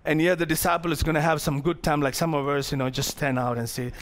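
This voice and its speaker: High-voiced animated man preaching. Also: quick pace. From Malaysia. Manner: animated preaching, acting out Bible characters; playful asides to the congregation. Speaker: pastor. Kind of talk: sermon.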